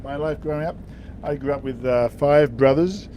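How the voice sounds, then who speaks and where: An Australian man talks business in a relaxed, encouraging tone, stopping and restarting his sentences. His voice runs a little higher than most men's, and faint outdoor noise hangs in the background. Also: rough recording. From Melbourne, Australia. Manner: laid-back, encouraging, halting restarts. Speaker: guest, laundromat and car wash owner. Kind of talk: casual chat, giving business advice. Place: outdoors on a yacht in a marina.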